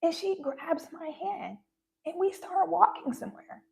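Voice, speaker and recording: A young woman hosting a spiritual livestream, earnestly retelling personal dreams and signs with animated quoted lines. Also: very high voice, unhurried, vocal fry. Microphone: phone livestream.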